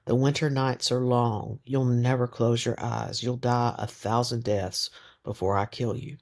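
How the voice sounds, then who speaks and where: A man's voice: medium pitch, level tone, a little slow, darkish tone, natural voice. A man reading the lines of a fierce, protective peasant woman who makes cold, cutting threats in an audiobook. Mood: menacing.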